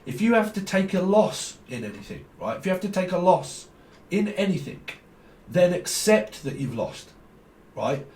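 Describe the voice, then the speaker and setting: A man's voice: sits high, big pitch swings, normal speed, darkish tone. A man, a tarot reader talking casually to viewers in a blunt, rambling, teasing way, swearing freely and laughing often. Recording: echoey room with faint ambient noise.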